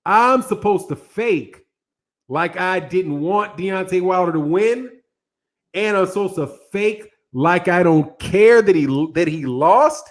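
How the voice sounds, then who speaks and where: High-voiced man ranting about boxing. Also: slow pace. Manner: animated, repetitive, talks straight to viewers; laughs often between points. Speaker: boxing channel host. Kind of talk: casual reaction commentary.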